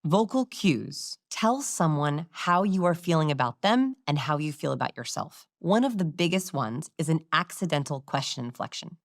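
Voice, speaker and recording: A confident woman speaks as an interview guest, teaching lively lessons on body language and acting out her own examples. Her voice sits fairly low for a woman. It is recorded close and dry, with no room sound. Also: moderate pace, hardly any pauses, no room sound. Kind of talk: explaining in a conversational interview.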